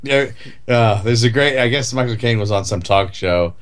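A man's voice: mid-range voice, normal speed, clean tone. A man co-hosting a casual chat, rambling with lots of "like" and "you know". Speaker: podcast co-host.

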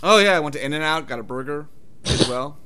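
A man's voice: fairly high pitch, animated, brisk, bright, forceful tone, clear, resonant tone. A man co-hosting a casual movie chat, rambling and hedging as he talks. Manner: rambling, hedging with "I mean" and "it's like".

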